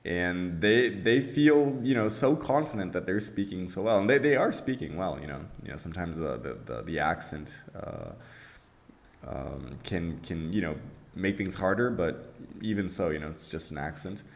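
Deep-voiced man in his twenties. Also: normal speed. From Brazil. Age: 20s. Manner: relaxed, peppered with "you know" and "like". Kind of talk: casual chat.

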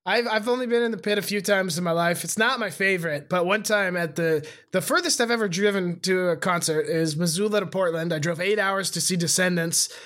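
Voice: mid-range voice, a little fast, hardly any pauses, fairly bright tone. A podcast co-host reading out police reports and riffing on them in a wry, casual way, laughing often.

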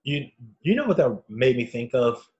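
A man co-hosting a casual movie review chat, relaxed and a little hesitant. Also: medium pitch, normal speed, highs cut off. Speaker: podcast co-host.

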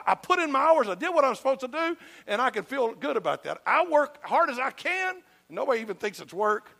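A man's voice: very high voice, vocal fry, bright, forceful tone. An older man from Georgia with a Southern accent, preaching a sermon in a folksy, emphatic storytelling manner with humor. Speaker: pastor.

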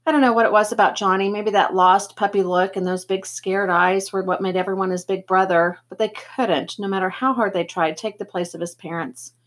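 A woman's voice: mid-range voice, steady tone, brisk, hardly any pauses. A woman reading a novel aloud, steadily telling the story in first person. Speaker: reader.

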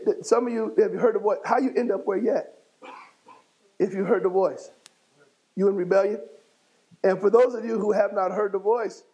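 A man preaching a sermon as bishop in a church, working the congregation and rising to shouts. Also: high-pitched, poor audio. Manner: fiery call-and-response preaching, rising to shouts. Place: church sanctuary.

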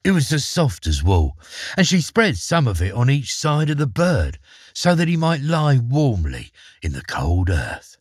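A man reading a fairy tale aloud in an expressive storybook manner, his husky voice rising and falling with very lively pitch. The recording is dry and close, with no room sound. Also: measured pace, dry recording.

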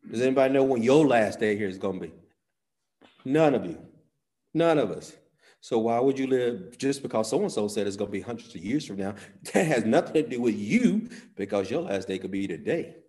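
A pastor preaching a sermon, folksy with "y'all", swinging between loud bursts and hushed asides. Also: male voice, mid-range voice, lively intonation, brisk. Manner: folksy talk with "y'all" and "ain't".

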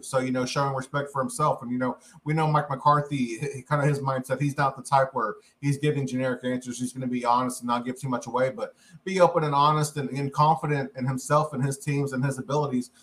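A man hosting a sports podcast, steady and friendly as he introduces and steers the talk. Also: mid-range voice, fast. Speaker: podcast host. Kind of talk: casual sports chat.

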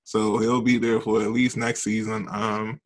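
A man's voice: lowish voice, little pitch movement, unhurried. A man co-hosting a casual sports talk show, laid-back and slangy, laughing easily as he talks.

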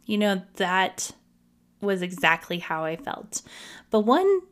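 A woman's voice: mid-range voice, sing-song, slow pace. A woman hosting a podcast, telling her own story in a candid, emotional, confessional way. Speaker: podcast host.

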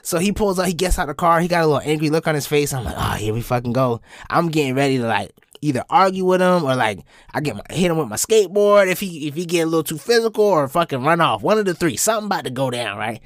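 A young man talks straight into a close mic, telling a story on his own podcast. His pitch swings widely as he jumps into squeaky high bits, and his casual, profane delivery sounds dry and close. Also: lively intonation, quick pace, hardly any pauses, no room sound. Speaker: podcast host.

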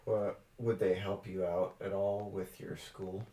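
A man's voice: deep voice, flat delivery, measured pace, dark tone. A man interviewing an older relative for an oral history, asking probing questions and rephrasing them as he goes. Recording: echoey room.

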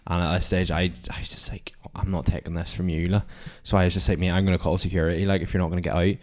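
A man's voice: sits low, level tone, very fast, a little mellow. A young man telling a story in casual chat, rambling with many filler words.

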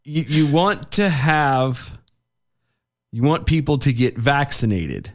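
A man's voice: mid-range voice, animated, slow. A man co-hosting a casual podcast, reading news quotes aloud and ranting in exasperation. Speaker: podcast co-host.

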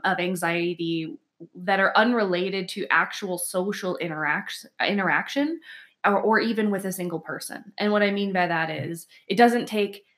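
A woman's voice: medium pitch, fairly bright tone. A woman co-hosting a podcast, explaining phobias in clinical terms in casual chat. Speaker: podcast co-host.

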